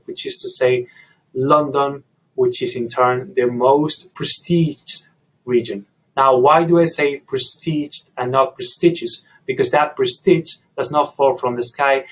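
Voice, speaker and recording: A man with a slightly husky voice explains language in an educational video. He speaks in a measured, deliberate way and builds his argument point by point. His pitch sits at an ordinary middle level. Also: rough recording.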